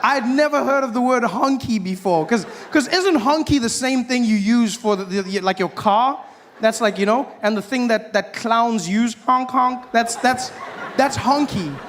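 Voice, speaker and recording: A man performing a stand-up routine, animated and acting out other people in shifting voices. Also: extremely high pitch, normal speed. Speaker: stand-up comedian. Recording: live stage with audience noise.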